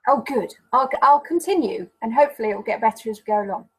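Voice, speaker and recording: Woman on the call reading questions out, kinda high voice, light and jokey. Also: expressive, fast, breathy edge, low-quality recording. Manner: light and jokey, offering a put-on posh tone. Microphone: remote call line.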